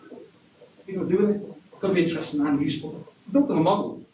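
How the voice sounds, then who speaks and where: Rapid-fire and warm, a man with a highish voice and a regional accent gives a conference presentation full of wry, conversational self-deprecation. Recorded in a conference hall, the sound is distant, dull and echoey, with slight background noise.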